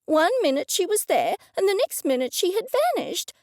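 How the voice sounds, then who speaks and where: A woman doing a high, excitable dramatic friend. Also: moderate pace, dry recording, studio quality. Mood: anxious. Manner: breathless, high-strung.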